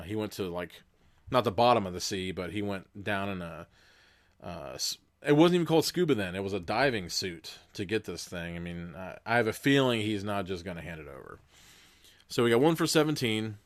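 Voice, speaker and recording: His voice is on the low side and expressive, at a normal speed. A young man narrates and hosts a gamebook played live with chat votes, reading aloud and chatting casually, laughing frequently and sometimes swearing.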